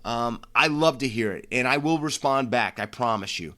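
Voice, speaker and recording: A man's voice: mid-range voice, animated, moderate pace, a bit bright. An American man hosting a solo sports podcast, talking casually with brash flair and frequent restarts. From United States. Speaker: podcast host.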